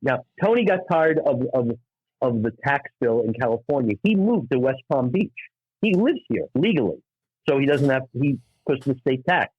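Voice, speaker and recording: Man, middle-aged, from New York, stand-up comic, animated storyteller, muffled dry recording. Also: mid-range voice, no echo. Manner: acts out voices in anecdotes, quick asides.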